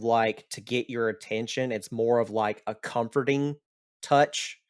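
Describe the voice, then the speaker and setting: A man narrating a tabletop game as game master, in a slow and rambling way with restarts. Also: medium pitch.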